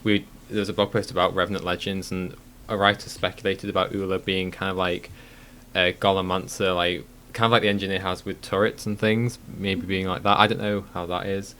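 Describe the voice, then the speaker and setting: A man's voice: low-pitched, little pitch movement, a little fast, a bit bright, a little hiss or hum. Hesitant man musing with lots of ums. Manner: hesitant, many ums, thinks aloud. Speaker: podcast co-host. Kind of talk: casual gaming podcast chat.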